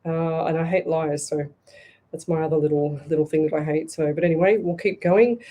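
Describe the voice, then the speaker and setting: An Australian woman hosts a live online psychic show and reads viewers' comments aloud. Her voice is fairly low and mellow. She speaks bluntly and with passion, stumbling and restarting mid-sentence. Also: steady tone, brisk. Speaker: psychic medium radio host. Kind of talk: live-streamed call-in reading show.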